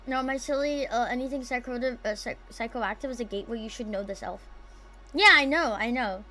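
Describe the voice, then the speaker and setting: A young American woman with a slightly high, somewhat bright voice livestreams from her home near neighbors. She chats casually and reads viewer messages aloud in an offhand, joking, profane way.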